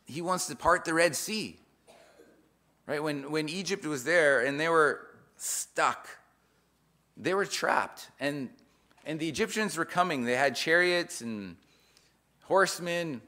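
A man preaching an informal sermon in an earnest way, reading scripture aloud and explaining it with restarts, his loudness rising and falling for emphasis. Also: on the high side, takes it slowly, pauses often.

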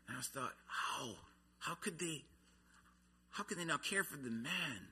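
Husky-voiced man preaching a sermon. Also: medium pitch, very animated, normal speed, sharp tone. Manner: earnest, rises and falls in intensity.

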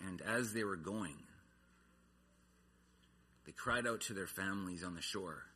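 A man's voice: low voice, measured pace, pauses often, bright, forceful tone, slightly rough. A man preaching a sermon, earnest, his voice rising and falling in intensity. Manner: earnest, rises and falls in intensity.

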